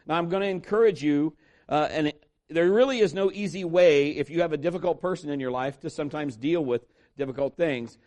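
Animated high-voiced preacher man. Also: fairly quick. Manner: animated storytelling preacher, acts out quoted voices. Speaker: pastor. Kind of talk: sermon.

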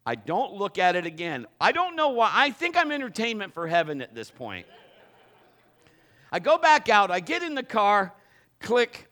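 A middle-aged man preaching a sermon, telling a funny story and acting it out in a lively way. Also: high-pitched, moderate pace. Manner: animated, acts out the story. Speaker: pastor.

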